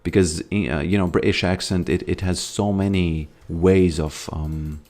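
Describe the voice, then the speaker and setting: A man's voice: sits low, fairly even intonation, a little slow, a little mellow. A man with an American accent casually commenting on his gameplay as a streamer, reading chat questions aloud and rambling with loose, trailing thoughts.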